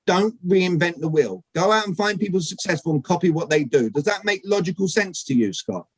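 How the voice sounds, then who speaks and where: High-voiced man giving a lively sales talk. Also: brisk, poor audio. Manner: energetic, addresses audience directly, asks questions. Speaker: speaker at a networking event. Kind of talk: live motivational sales talk. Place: event room with audience.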